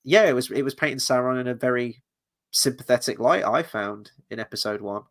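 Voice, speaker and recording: A man's voice: mid-range voice, brisk, fairly bright tone. Blunt man chatting in a casual review. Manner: blunt, swears, reads viewer comments aloud. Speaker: host.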